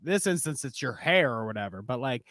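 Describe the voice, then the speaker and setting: A man's voice: medium pitch, very animated, brisk, a bit bright, dry recording, studio quality. A man hosting a casual reaction stream, retelling a clip with laughs and acted-out quotes. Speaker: podcast host.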